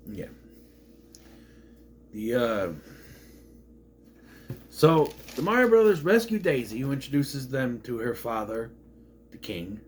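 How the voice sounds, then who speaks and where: Animated man rambling through a movie recap. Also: mid-range voice. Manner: rambling, with fillers and quick voice impressions.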